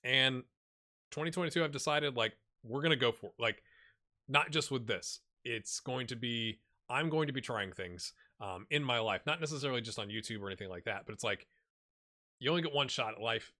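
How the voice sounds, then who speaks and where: Bright, chatty man in his forties. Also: medium pitch, fairly quick. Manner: rambling, self-deprecating, chatty. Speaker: gaming YouTuber. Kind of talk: casual let's-play commentary.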